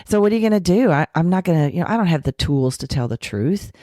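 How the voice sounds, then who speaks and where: A woman guest candidly telling her recovery story, acting out quoted voices and slowing down to make her points. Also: on the low side, no room sound, clean studio sound. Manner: frank, animated retelling with acted quotes and self-deprecating laughs; slows down and softens for spiritual points. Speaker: podcast guest.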